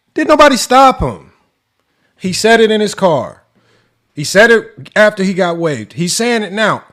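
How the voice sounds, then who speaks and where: A man's voice: high voice, fairly bright tone. A man hosting a sports debate show, ranting in an exasperated, mocking way and firing off rhetorical questions. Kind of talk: heated commentary rant.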